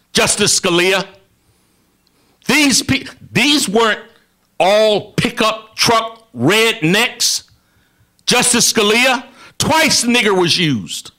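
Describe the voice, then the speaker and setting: A man's voice: high voice, pushed and bright. A man giving an impassioned speech as a radio guest, repeatedly addressing one listener directly and building emphasis.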